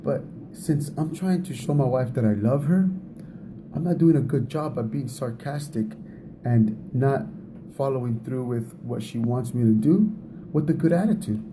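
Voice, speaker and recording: A man's voice: mid-range voice, normal speed, background noise. A man giving a casual talk on relationships, speaking in a conversational way, often repeating words and laughing at himself.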